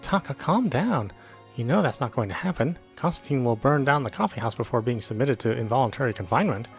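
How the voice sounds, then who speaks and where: A man doing a gentle, calming young woman. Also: medium pitch, quick pace, soft background music, lightly acted.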